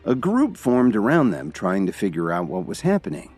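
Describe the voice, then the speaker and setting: A man's voice: low-pitched, sing-song, brisk, a little mellow, faint music behind. A man narrating a dramatic story in scripted style, voicing every character himself. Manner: dramatic storytelling, all voices by one reader.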